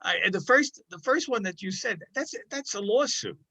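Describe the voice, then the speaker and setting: An older man with a high, bright voice talks in a loose, rambling way, laughing often and circling back with "I mean". The sound is dry and close, like a video call. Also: animated, moderate pace, dry recording. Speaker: podcast co-host. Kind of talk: casual chat.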